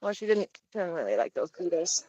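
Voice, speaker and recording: A woman's voice: on the low side, very animated, fairly quick, dark tone, breathy edge, no room sound, poor audio. A woman chatting casually while she coaxes her pets with sing-song calls in a backyard. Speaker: pet owner vlogger. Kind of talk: casual chat to camera and animals. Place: backyard outdoors with chickens.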